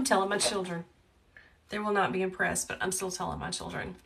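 A woman with a Southern US accent hosting a live wreath-making tutorial, chatty and talkative, with a calm, soothing voice. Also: on the low side, brisk, creaky. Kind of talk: live crafting tutorial chat. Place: home wreath workshop. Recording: a bit distant from the mic, faint background noise.

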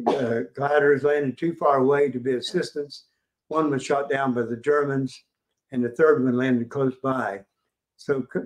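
Older West Virginian man giving a halting history talk. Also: medium pitch. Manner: halting, many fillers and restarts. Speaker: museum lecturer. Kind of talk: informal history lecture.

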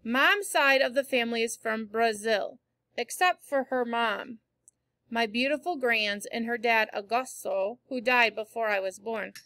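Bright-voiced woman reading a novel aloud. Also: a little high, measured pace, dry recording. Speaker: audiobook reader. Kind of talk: first-person novel narration.

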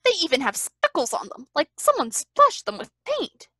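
Lady reading as a bouncy storybook tiger, squeaky high and all over the place. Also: wildly swooping pitch, moderate pace, sharp tone, no room sound, exaggerated voice. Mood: excited. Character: bouncy excitable male tiger.

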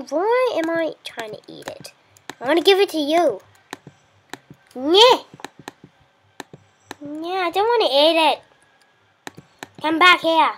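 A woman with a high voice chats her way through a survival game at an unhurried pace. Her commentary rambles playfully, and she coaxes the animals on screen as if they could hear her. It is the easy, offhand talk of someone hosting her own gameplay channel. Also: a bit bright, slight background noise. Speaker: let's play host.

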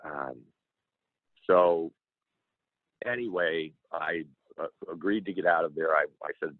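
A man's voice: sits low, slow, dry recording. A man telling an emotional personal story as an interview guest, earnestly acting out what others said. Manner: earnest, animated, acts out quoted dialogue. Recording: tinny phone-like line.

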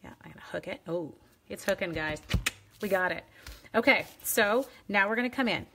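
A woman's voice: medium pitch, lively intonation, normal speed, background noise. A woman hosting a live craft demonstration, chatting playfully with viewers and teasing herself as she works. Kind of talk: casual live craft demo.

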